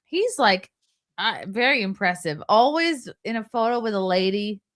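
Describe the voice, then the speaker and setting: A woman hosting a podcast in casual panel chat, bubbly and teasing, quick to laugh. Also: medium pitch, big pitch swings, a bit bright. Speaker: podcast host.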